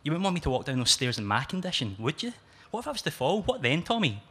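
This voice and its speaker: A man's voice: fairly high pitch, very animated, quick pace, fairly bright tone, slightly rough, voice pushed up, heavily acted. A man reading his story aloud, voicing a teasing, pleading young pregnant woman in a raised voice. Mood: coaxing. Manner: coaxing, mock-pleading.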